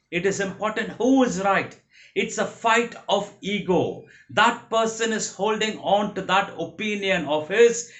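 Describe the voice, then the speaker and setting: A man with an Indian English accent delivers a motivational training lecture. His pitch sits fairly high and swings widely as he stresses each point, and he hammers his key phrases home by repeating them. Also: fairly bright tone.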